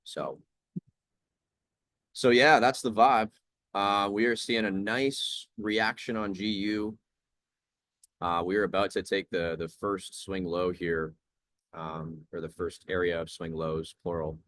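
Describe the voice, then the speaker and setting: A man's voice: sits low, fairly even intonation, slow pace, pauses often, fairly bright tone, no echo, studio quality. A young man hosting a trading livestream, talking in a laid-back, chatty way and reading viewer questions aloud. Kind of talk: casual live-stream commentary.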